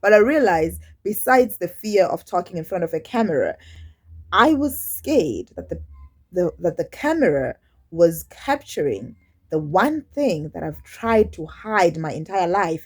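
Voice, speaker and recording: A woman vlogger talking openly to her camera, candid and halting, often restarting her sentences and acting out quoted remarks. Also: on the low side, animated, darkish tone. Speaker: YouTube vlogger. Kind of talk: personal confessional vlog.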